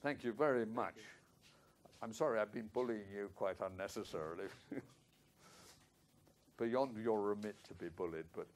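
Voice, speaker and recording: A man coaching a flute student in a masterclass, singing phrases in nonsense syllables to show how they go and giving brisk, playful instructions. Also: fairly low pitch, a little hiss or hum. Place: music school teaching room or hall. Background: flute and piano playing.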